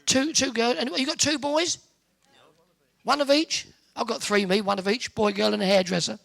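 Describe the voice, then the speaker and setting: High, gravelly joking man. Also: pushed and bright. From Hertfordshire, England. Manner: joking, teasing, quick with quips. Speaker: host working the audience. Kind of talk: cheeky audience banter. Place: indoor event hall with a live audience.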